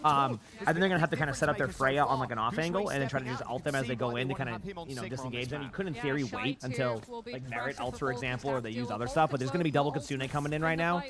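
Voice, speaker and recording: Over a noisy crowd, a medium-pitched man streams live, reacting to a pro match with rapid, auctioneer-style esports commentary.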